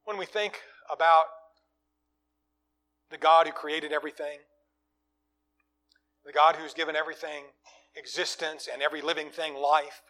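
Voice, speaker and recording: Preacher guy, fairly high voice, gets loud then drops way down soft. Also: fairly even intonation, normal speed, pauses often. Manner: swings from loud emphatic lines to quiet low asides. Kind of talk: sermon.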